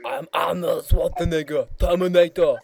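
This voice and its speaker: Loud Austrian action-star impression for a prank call, stilted, done by a young man. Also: high-pitched, level tone, moderate pace, gravelly, dry recording. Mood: deadpan prank. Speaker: prank caller.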